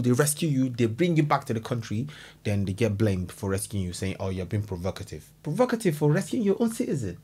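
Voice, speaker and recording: A man reacting to a documentary video in casual, animated commentary, exclaiming and laughing. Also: medium pitch, slightly rough. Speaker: reaction host.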